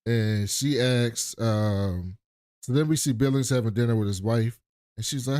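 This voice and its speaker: A medium-pitched man speaks at normal speed, recorded at studio quality with no echo. Co-hosting a casual podcast, he gives an animated recap of a TV episode, performing the characters' lines full of profanity.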